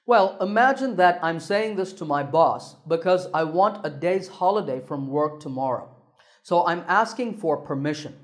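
A man teaching English pronunciation in a clear, deliberate scripted lesson, slowing down to sound out example words. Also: sits high.

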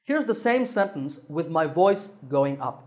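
Guy teaching english pronunciation, bit higher voice, careful and clear, drags out the example words. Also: big pitch swings, darkish tone. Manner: clear, deliberate, stretches example words slowly. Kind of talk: scripted lesson narration.

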